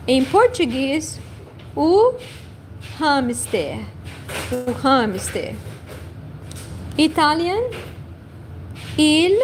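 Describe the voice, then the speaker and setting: A high, lively woman teaches a livestream language lesson at a very slow, careful pace. She says each word twice and stops to correct herself. Faint traffic hums behind her.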